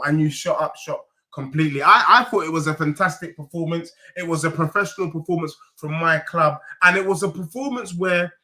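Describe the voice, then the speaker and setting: A man talks through a live football reaction stream, animated and emphatic. His voice sits high and sounds bright and forceful. He leans on slang and hits his points hard. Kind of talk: casual live reaction chat.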